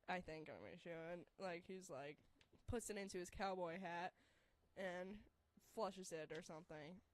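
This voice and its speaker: A young woman with a lowish voice tells a story at normal speed, rambling casually and packing her talk with "like." She laughs her way through it.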